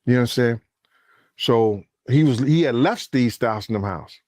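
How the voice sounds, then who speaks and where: A man's voice: medium pitch, moderate pace, dry recording, clean studio sound. A man telling a story in casual, profane speech, acting out the quoted voices and raising his voice as it gets tense. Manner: acts out quoted lines, cursing, rising to shouts when excited. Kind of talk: animated storytelling.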